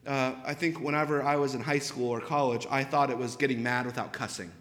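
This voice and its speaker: A young man preaching a sermon as pastor, in a conversational style with animated storytelling and quick asides. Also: medium pitch, in a large hall. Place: church sanctuary.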